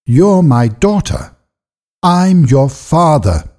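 A man voicing a wealthy gentleman in a storybook reading, speaking in a persuasive, earnest way. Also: on the high side, sing-song, slow, pitched above the performer's own voice. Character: wealthy gentleman, pleading then agitated.

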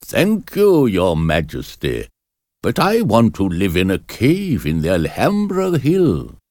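Man voicing a self-assured old astrologer for a storybook, slow, lilting, low-set voice. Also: wildly swooping pitch, darkish tone, no room sound, studio quality, full character voice. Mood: polite. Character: old, arrogant male Arabian astrologer. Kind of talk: storybook reading.

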